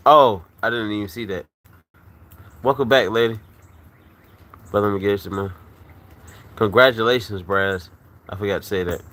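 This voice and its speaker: A man hosting a loose livestream, talking loudly to his viewers and laughing often. He is a little drunk. His voice is bright and sharp-edged. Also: lowish voice. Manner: loud, rowdy, laughs often, shouts catchphrases. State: slightly drunk. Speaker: livestream host. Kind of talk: casual livestream chat.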